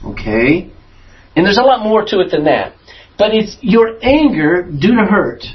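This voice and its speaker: A man leading a Bible class, his voice swinging up and down with lively emphasis as he quizzes the room. Slightly high for a man. The recording is dull and lo-fi. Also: a little slow, slight background noise. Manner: asks the class questions, lively emphatic delivery. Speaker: pastor teaching a Bible class. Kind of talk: conversational Bible teaching.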